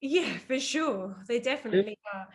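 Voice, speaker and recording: An English woman in her thirties hosts an interview over a video call. Her voice sits high and bubbly. She jokes along and laughs readily with her guest. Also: animated, normal speed. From England. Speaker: interview host.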